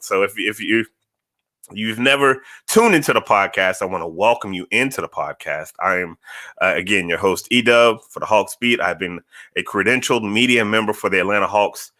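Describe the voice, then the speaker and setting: A man hosting his own podcast in a casual, energetic monologue, often repeating phrases for emphasis. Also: on the low side. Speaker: podcast host.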